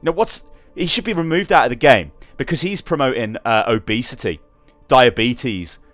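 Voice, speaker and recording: A man's voice: mid-range voice, expressive, normal speed, a bit bright, dry recording, soft background music. A young man with a sarcastic, exasperated manner, ranting through gaming commentary and swearing freely.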